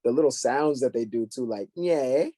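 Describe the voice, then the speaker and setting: A man's voice: medium pitch, brisk, no room sound. A young man chatting casually on a podcast, slangy and full of fillers as he tells stories. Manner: slangy, filler-heavy, animated storytelling.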